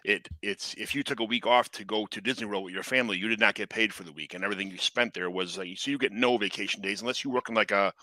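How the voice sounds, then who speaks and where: A man from the United States hosting a podcast, chatting casually in a quick, animated way. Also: fairly low pitch, dry recording. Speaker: podcast host. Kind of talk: casual interview chat.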